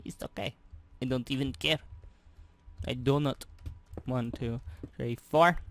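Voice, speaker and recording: A young man chatters through his gameplay in a medium-pitched voice, rambling and joking as he goes. He talks to himself and counts aloud, in the easy tone of a casual video. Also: fairly even intonation, takes it slowly, a bit bright, a little hiss or hum. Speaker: gaming YouTuber.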